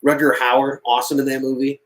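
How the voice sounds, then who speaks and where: A man's voice: mid-range voice, little pitch movement, fairly quick, poor audio. A man co-hosting a casual podcast, joking around and laughing often. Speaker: podcast co-host. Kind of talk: casual banter.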